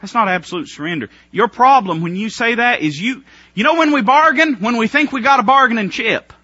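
A man preaching a sermon, folksy and emphatic, swinging from loud outbursts to hushed lines. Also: very high voice, animated, a little fast, dry recording. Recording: dry, dull lo-fi sound.

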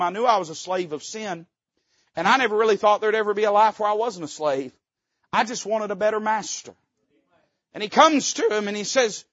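Brief: male pastor, high voice, fervent folksy sermon delivery, dry and slightly dull recording. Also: dry recording. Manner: fervent, folksy, with sudden loud rises and dips. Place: church sanctuary.

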